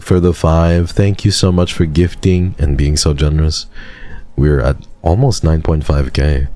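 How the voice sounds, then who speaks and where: A man's voice: a bass voice, vocal fry, mellow. A man streaming live who chats casually with his viewers, answers their questions and thanks them in a playful, teasing way.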